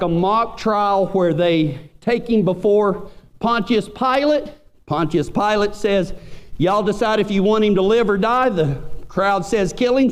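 A man, preaching a storytelling sermon and acting out friends' lines in voices. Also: high voice. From Texas. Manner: animated, acts out quoted friends in voices. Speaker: pastor.

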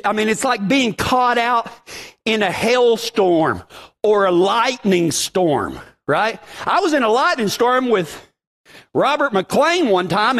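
A middle-aged man with a drawl preaches a relaxed sermon, spinning chatty, self-deprecating stories. His voice sits high and swoops up and down with animated expression. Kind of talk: casual sermon with personal stories.

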